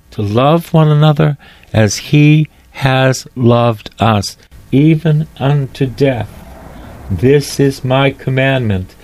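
A man's voice: medium pitch, a little mellow, no room sound. A man preaching a sermon, fervent and repetitive, quoting scripture and driving points home by repeating phrases.

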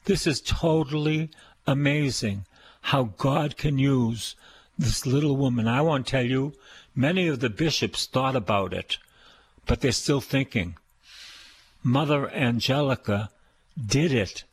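Older Boston preacher, slow and husky. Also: male voice, medium pitch, no echo. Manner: repetitive, emphatic preaching with call-and-response praise. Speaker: priest and radio preacher. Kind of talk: sermon.

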